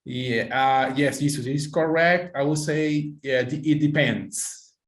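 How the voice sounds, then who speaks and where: A man's voice: medium pitch, slow pace. Echoey male online pronunciation teacher. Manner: encouraging, praises students by name, non-native phrasing. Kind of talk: live online class. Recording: echoey room.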